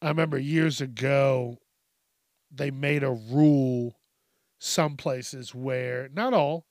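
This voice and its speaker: A man's voice: medium pitch, takes it slowly, a little mellow, no room sound, clean studio sound. A man hosting a podcast, ranting casually and comically, swearing a lot and laughing between lines. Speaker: podcast host. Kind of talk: casual comedic rant.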